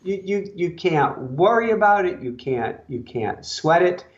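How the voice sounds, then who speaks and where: A man's voice: sits high, sing-song, measured pace. Easygoing man on dull lo-fi audio. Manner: easygoing, chuckling often. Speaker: podcast guest. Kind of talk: casual chat.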